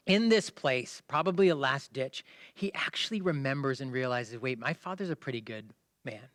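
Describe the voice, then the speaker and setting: A man preaching a livestreamed sermon in a conversational storytelling way, acting out the people in the story and sometimes bursting into shouts. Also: medium pitch, expressive, normal speed, no room sound, studio quality. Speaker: pastor.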